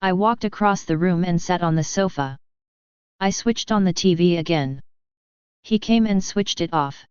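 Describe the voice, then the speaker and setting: A woman narrating a novel in the first person as an audiobook reader, with slow, even storytelling. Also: lowish voice, clear, resonant tone, no echo. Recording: slightly dull, dry close recording.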